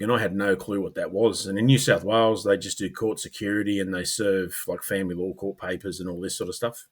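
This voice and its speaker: A middle-aged Australian man, a former police officer, talking casually as a podcast guest, rambling with fillers and clearing his throat. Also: deep voice, fairly even intonation, brisk, few pauses. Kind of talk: casual conversational storytelling.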